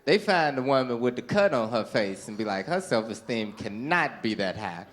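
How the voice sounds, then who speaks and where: A man's voice: medium pitch, normal speed, hardly any pauses, slight background noise. A middle-aged man performing a stand-up comedy set on a club stage into a handheld mic, telling stories and acting out voices. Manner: animated storytelling with acted-out voices.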